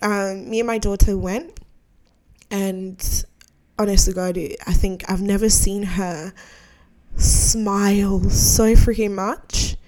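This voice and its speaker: A young adult woman talks casually as the host of her own podcast. Her voice sits at an ordinary middle pitch. She sounds candid and heartfelt, scattering slang and fillers through her sentences. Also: fairly even intonation, slow, a little mellow. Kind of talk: casual chat.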